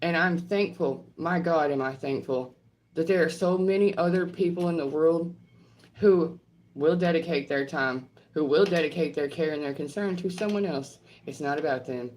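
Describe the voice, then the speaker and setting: Low-voiced woman ranting bluntly at trolls. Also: a little mellow. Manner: blunt, profane and confrontational, with emphatic repetition. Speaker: online creator and healthcare professional. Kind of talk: heated monologue answering trolls.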